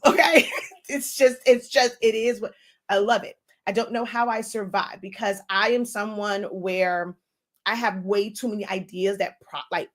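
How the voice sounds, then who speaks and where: Fast-talking chatty woman teacher. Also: on the high side. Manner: fast-talking, chatty, laughs between phrases. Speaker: online design instructor. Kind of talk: casual teaching talk.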